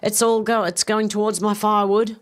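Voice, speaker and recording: Woman, live-stream host, mid-pitched, chatty and self-mocking, reads comments aloud and laughs a lot. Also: fairly even intonation, brisk. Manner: chatty and self-deprecating, laughs often, reads messages aloud and answers them. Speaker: livestream news host reading viewer comments. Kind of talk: casual live-stream chat.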